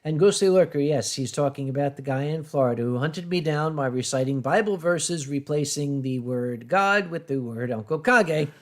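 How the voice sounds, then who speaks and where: A man hosting a casual drinking livestream, talking in a blunt, brash and animated way. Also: fairly high pitch, moderate pace, hardly any pauses. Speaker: livestream host. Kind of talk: casual drinking-stream chat.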